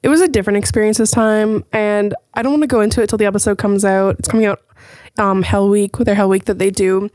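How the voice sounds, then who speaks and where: A woman podcast host rattling through stories in a loose, casual way, cursing freely as she talks. Her voice sits at an ordinary pitch. The sound is dry and close, with no room around it. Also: quick pace, dry recording. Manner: chatty, swears freely, animated storytelling. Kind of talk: casual chat.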